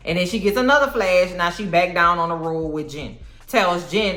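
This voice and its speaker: A woman recapping a TV episode in casual slang, acting out the characters' lines in an animated storytelling style. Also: fairly low pitch, a little fast, roomy sound, soft background music. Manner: slangy, cursing, talks straight to viewers. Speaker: TV recap host.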